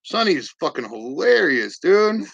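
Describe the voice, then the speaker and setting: A man's voice: fairly high pitch, big pitch swings, normal speed, gravelly, fairly bright tone, slightly rough, dry recording, muffled recording. Laid-back, profane man on a dry mic. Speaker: fantasy football show co-host. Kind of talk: casual livestream banter. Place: basement at home.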